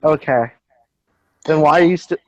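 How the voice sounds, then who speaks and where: Young male podcast host, slightly high voice, sarcastic rambling banter, dry close sound. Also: normal speed, no echo, poor audio. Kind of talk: casual group chat over a voice call.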